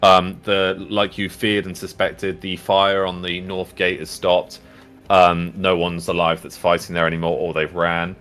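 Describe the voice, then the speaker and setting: A man's voice: deep voice, little pitch movement, unhurried, a bit bright. A man narrating as game master, rambling and full of fillers.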